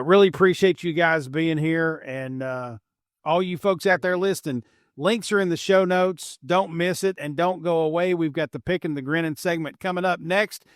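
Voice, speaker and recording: A middle-aged man from Appalachian Kentucky with a light Kentucky twang, hosting a podcast in a relaxed, rambling, self-deprecating way. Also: on the high side, dry recording, clean studio sound. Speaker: podcast host. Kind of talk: casual podcast chat.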